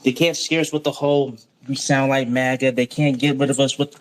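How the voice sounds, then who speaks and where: A man's voice: medium pitch, level tone, a little fast, a little hiss or hum. A man taking his turn in a chat room, thanking the hosts and speaking plainly. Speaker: caller.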